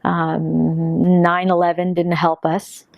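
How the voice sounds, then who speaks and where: A woman in her fifties from Yemen, sharing her family's story in a hesitant way, pausing often on fillers. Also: fairly low pitch, completely flat delivery, vocal fry, no echo, dull audio. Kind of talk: personal testimony.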